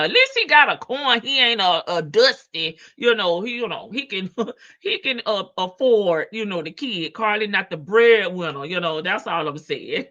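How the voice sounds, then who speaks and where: A woman's voice: fairly high pitch, bright, forceful tone, dull audio. A woman hosting a livestream, chatting casually, greeting viewers by name and laughing often. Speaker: livestream host. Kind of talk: casual chat reading out live comments.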